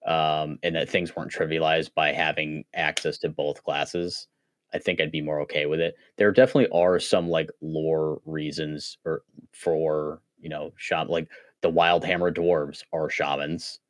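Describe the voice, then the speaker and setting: A man with a low, deep voice talks eagerly as a podcast guest, tossing in "like" again and again and restarting his sentences. His voice sounds dry and close, with no room echo. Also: level tone, measured pace. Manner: eager, many "like" fillers and restarts. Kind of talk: casual chat.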